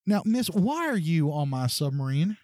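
A wary, hard-nosed woman smuggler, as a man puts her on in a tabletop game, asking pointed questions and snapping short commands. The voice sits mid-range and mellow, with a dry, close sound. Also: fairly high pitch, very animated, normal speed, no room sound. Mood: suspicious. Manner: stern questioning, clipped commands. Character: wary female submarine smuggler, tough, practical.

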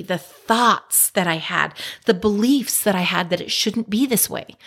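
Woman, middle-aged, mother and coach, candid reflective storytelling, conversational, mid-pitched voice. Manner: candid, self-reflective, conversational with frequent "right?" and "like".

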